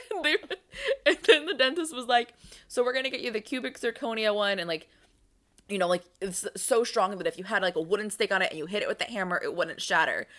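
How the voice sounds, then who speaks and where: A woman's voice: mid-range voice, brisk, fairly bright tone. A young woman co-hosting a podcast, telling stories in casual chat, full of "like" and light laughter. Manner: storytelling with "like", laughing. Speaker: podcast co-host.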